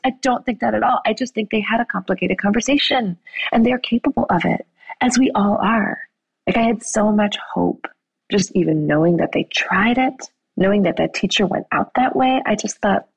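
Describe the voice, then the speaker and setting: Husky, gravelly woman telling a story. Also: mid-range voice, brisk, no echo, dull audio. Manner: animated storytelling, acting out quoted voices. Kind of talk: casual conversation.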